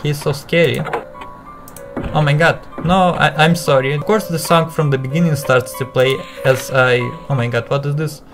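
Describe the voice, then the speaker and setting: A man's voice: a little high, steady tone, moderate pace, rough recording. Jumpy man narrating a horror game. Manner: jumpy, swearing, thinking aloud. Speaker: gamer playing a horror game. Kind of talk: let's play commentary. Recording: music playing behind.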